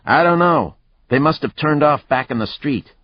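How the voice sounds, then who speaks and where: A man voicing a tough male police officer who talks in clipped, gruff phrases in an audiobook. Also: fairly low pitch, animated, a little slow, dull audio, voice pushed up. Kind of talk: audiobook narration.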